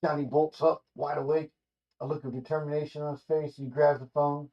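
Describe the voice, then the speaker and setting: A man reading a rough draft screenplay aloud in a loose, ad-libbing way, correcting himself with casual asides, in a dull lo-fi recording. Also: on the high side, flat delivery, brisk. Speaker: screenplay reader.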